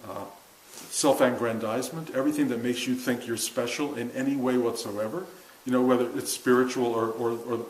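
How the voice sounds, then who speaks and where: An older man telling a long personal story to a group, self-mocking, acting out what people said in a raised voice. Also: medium pitch. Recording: roomy room with faint hiss.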